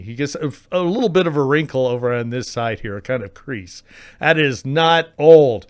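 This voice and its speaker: A man walks viewers through a photo-editing tutorial in a chatty, wry manner, tossing in playful asides. His voice sits a touch high and comes across smooth and resonant. He sounds close to the mic. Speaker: software tutorial host. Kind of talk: screen-recorded software tutorial.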